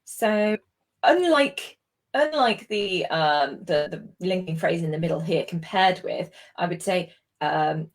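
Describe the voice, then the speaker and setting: A woman's voice: on the low side, expressive, slow. A woman with a British accent teaching exam writing in a live session, patient and explaining with examples, with frequent ums. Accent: British English. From Britain. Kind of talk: live online tutoring session.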